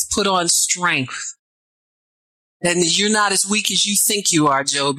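A woman's voice: fairly low pitch, dry recording, rough recording. A woman preaching a sermon, reading scripture and answering herself with asides that rise toward fervent calls. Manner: call-and-response asides, rising to fervent near-shouts.

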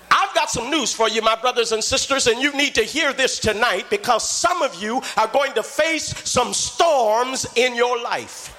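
A man preaching a sermon with fervent call-and-response delivery and shouted peaks. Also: very high voice, normal speed, few pauses.

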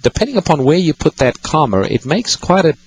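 A man's voice: a little high, sing-song, fairly quick, a little hiss or hum, low-quality recording. A man hosting a call-in radio show, patiently explaining Bible passages to callers. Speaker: radio Bible-teaching host.

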